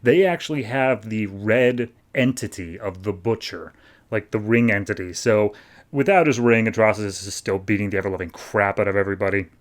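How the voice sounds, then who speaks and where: A man's voice: on the low side, a little fast. A man hosting a podcast, recapping and reviewing comics in loose, chatty talk full of "like". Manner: loose, filler-heavy talk with frequent "like". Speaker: podcast host.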